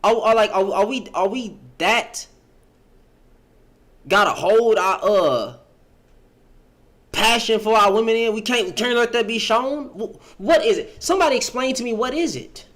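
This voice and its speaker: A middle-aged man with a high, lively voice speaks in an emphatic commentary style. He keeps asking his audience pleading rhetorical questions, and his pitch swings widely from phrase to phrase. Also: moderate pace. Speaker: reaction video host.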